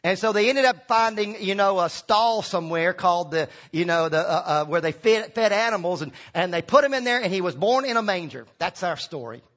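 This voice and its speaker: Male pastor, higher voice, conversational sermon with acted-out asides. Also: animated, fairly quick, hardly any pauses, a bit bright. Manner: conversational preaching with restarts and acted-out quotes.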